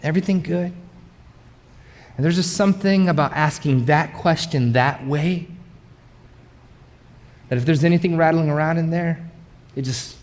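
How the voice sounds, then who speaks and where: A man's voice: a little high, normal speed, long pauses. Middle-aged guy preaching, chatty and punchy, church hall echo. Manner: energetic, conversational preaching with shouted asides. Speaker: pastor. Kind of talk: sermon. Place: large church auditorium. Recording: long reverb of a big hall.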